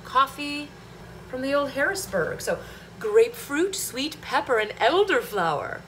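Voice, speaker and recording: A woman's voice: high voice, expressive, a little slow, fairly bright tone, reverberant, a little hiss or hum, rough recording. A woman in her thirties vlogging casually from her home kitchen, chatty and jokey, slipping into silly sung bits. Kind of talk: casual vlog chat. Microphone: camera on a tripod.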